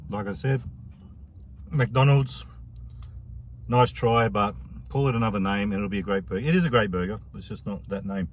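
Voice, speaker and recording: A man's voice: on the low side, moderate pace, pauses often, a little hiss or hum. An Australian man chatting casually in a food review vlog, rambling and slangy.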